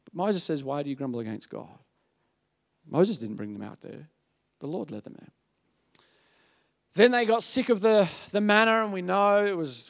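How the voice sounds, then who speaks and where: A man preaching a sermon, telling a story in an animated way, acting out voices and often asking the audience "yeah?". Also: on the high side.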